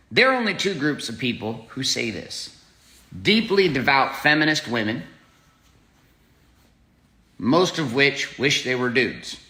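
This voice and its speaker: A man's voice: medium pitch, bright, forceful tone, reverberant. A man hosting a motivational monologue, intense and combative, swearing often and hammering short repeated phrases. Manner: punchy emphatic delivery with short repeated phrases. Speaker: host.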